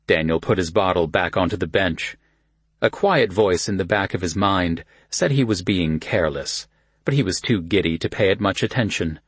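Low, husky male audiobook narrator. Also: normal speed, no room sound.

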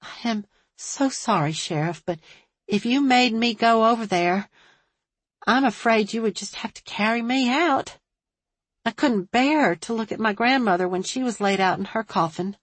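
A woman voicing a nervous grieving widow who speaks in a hushed, careful, faltering way. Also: fairly high pitch, moderate pace, no room sound, voice pushed up, close to an everyday voice. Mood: pleading.

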